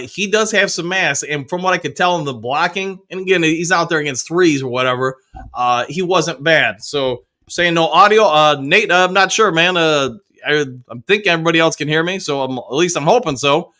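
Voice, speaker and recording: A chatty middle-aged man hosts a casual live stream. His voice sits a little high and sounds bright and forceful. He reads viewer comments aloud and cheers them on. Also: normal speed. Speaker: host of a live fan show.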